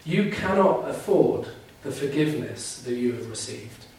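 A man preaching in an earnest, emphatic way, circling back to drive his main points home. His voice sits a touch high for a man. It booms around a big, echoey hall, picked up from a distance away from the mic. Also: animated, moderate pace, a little mellow, slight background noise. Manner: earnest, emphatic, repeats key phrases. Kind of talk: sermon.

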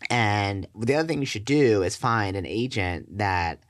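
A man's voice: fairly low pitch, animated, unhurried. A man, a real estate client, chatting and teasing his agent in a casual podcast conversation. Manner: chatty, teasing, many "like" fillers.

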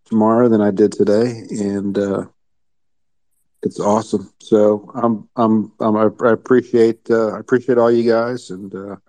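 A man with a low, mellow, flat voice chats casually, stammering and restarting often. The audio is dry. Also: normal speed, dry recording. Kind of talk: casual chat.

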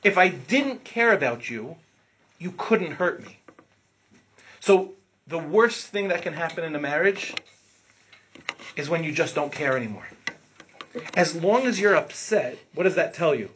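Man, rabbi, informal Torah class, engaging, quizzes students, slightly high voice, light hiss. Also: measured pace, pauses often. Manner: animated, asks the listeners questions, acts out students' words.

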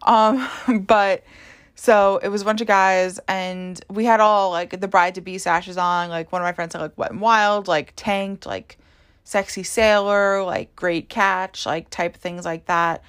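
Her tone is clean and steady, mid-range in pitch, and a little slow. She's a young woman hosting a podcast, casually chatting through a story with frequent "like"s and "um"s.

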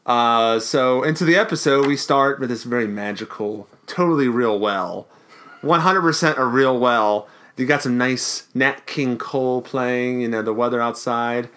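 A man from the Baltimore area co-hosting a podcast in casual, jokey, excitable chat. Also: mid-range voice, moderate pace. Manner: jokey, excitable, self-mocking. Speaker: podcast co-host.

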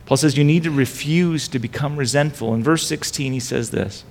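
Gravelly middle-aged pastor preaching in a hall. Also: male voice, mid-range voice, moderate pace. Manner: animated storytelling with frequent restarts. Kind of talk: sermon.

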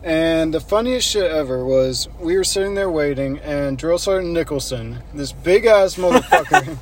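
A man's voice: a little high, normal speed, a little hiss or hum. Profane laughing man telling stories. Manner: profane, laughing, relaxed storytelling. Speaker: army veteran telling stories. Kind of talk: casual storytelling chat.

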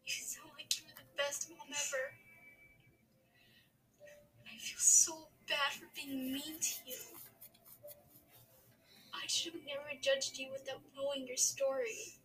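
An actress playing a remorseful young student who speaks softly and earnestly. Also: female voice, high voice, fairly even intonation, normal speed, soft background music, poor audio. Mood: apologetic. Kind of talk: scripted drama acting.

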